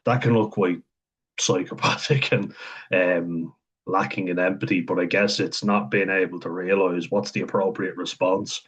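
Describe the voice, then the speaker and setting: A man with a very deep voice talks through his thoughts in a loose, unscripted monologue. His tone is husky and a little breathy, and he chuckles often and pauses to think as he goes. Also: fairly even intonation. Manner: thinks aloud, frequent chuckles and ums. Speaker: vlogger talking about autism.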